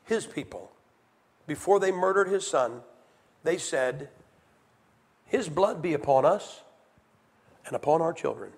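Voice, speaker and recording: A high-pitched man preaches with swings from hushed, low delivery to loud, shouted emphasis. He acts out the voices he quotes with growing force, speaking directly to his congregation. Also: lively intonation, unhurried, long pauses, breathy edge. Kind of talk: sermon.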